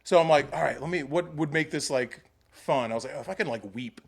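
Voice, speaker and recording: A man's voice: on the high side, brisk, vocal fry. A man hosting a casual podcast chat, telling rambling stories with plenty of swearing. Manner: rambling, profane storytelling. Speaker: podcast host.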